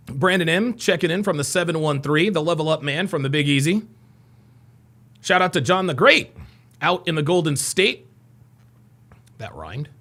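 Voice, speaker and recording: A man hosting a casual livestream, reading out viewers' names and places with upbeat shout-outs and dropping into low mumbled asides. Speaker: livestream host.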